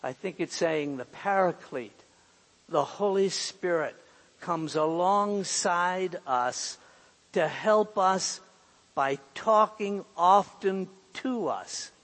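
Earnest preacher guy, slow pace, repeats his points, big reverby hall. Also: sits high, a bit bright. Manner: earnest, repeating key phrases for emphasis. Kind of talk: sermon.

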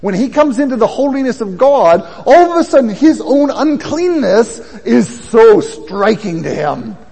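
Husky-voiced man preaching in a reverberant hall. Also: extremely high pitch, big pitch swings, unhurried, dark tone. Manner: conversational preaching, rising in intensity. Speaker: pastor. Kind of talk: sermon.

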